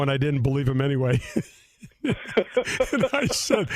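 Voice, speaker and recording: A man hosting a radio golf show from a studio, telling stories in a casual, animated way, laughing often and acting out what others said. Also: fairly high pitch, normal speed, dry recording. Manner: animated storyteller, laughs often, acts out quotes.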